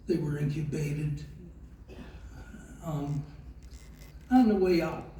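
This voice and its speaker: An older man, speaking slowly and haltingly with many fillers as he tells a heartfelt personal story in an award speech. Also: on the high side, warm tone, a little hiss or hum. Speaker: award recipient giving a speech. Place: large event hall. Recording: very echoey hall, voice from far off.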